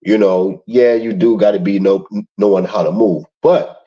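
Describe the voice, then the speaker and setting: A man speaking as a panelist over a remote video call, explaining in a measured way. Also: on the low side, steady tone, mellow. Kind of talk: live-stream panel talk. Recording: dull lo-fi call audio.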